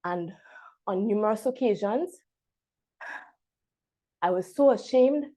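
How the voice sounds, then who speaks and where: A woman from Trinidad and Tobago, giving a prepared speech over a video call and pausing dramatically between words. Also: medium pitch, animated, warm tone. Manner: dramatic pauses, emphatic word-by-word delivery. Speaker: club member giving a speech.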